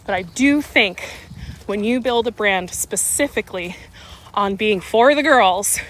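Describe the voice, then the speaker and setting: A woman talking to camera, measured and reflective about speaking out. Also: mid-range voice, expressive, a bit bright, slight background noise, rough recording.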